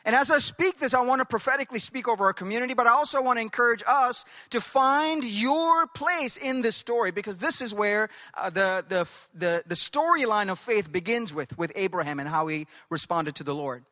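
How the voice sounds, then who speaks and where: A man's voice: high voice, bright, forceful tone, in a large hall. A man pastor preaching a sermon, stretching out key words for emphasis and leading the congregation to read along with him. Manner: emphatic, drawn-out stresses, leads the congregation in call-and-response.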